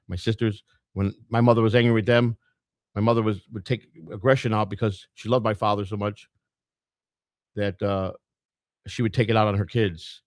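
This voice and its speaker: A man's voice: on the low side, no echo, studio quality. A middle-aged man from Chicago, a presidential candidate and podcaster, telling his story in a blunt, plain-spoken way and repeating words as he goes. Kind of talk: casual storytelling monologue.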